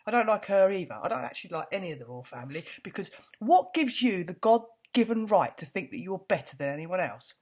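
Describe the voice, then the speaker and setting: A woman's voice: mid-range voice, very animated, brisk, hardly any pauses, a little mellow. A woman vlogging an indignant, swearing rant to camera, repeating words for emphasis.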